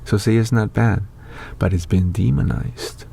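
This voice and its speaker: Man, low voice, dark mellow tone, rambling host monologue, lots of fillers. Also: fairly even intonation, unhurried, vocal fry, hardly any pauses, husky. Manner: rambling, with many fillers and restarts. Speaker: online show host. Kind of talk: casual spoken monologue.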